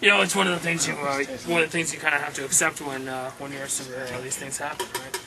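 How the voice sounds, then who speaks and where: A man's voice: a little high, steady tone, very fast, vocal fry. A man talking in a casual, rambling way full of fillers in an improvised comedy sketch. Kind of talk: improvised comedy web series.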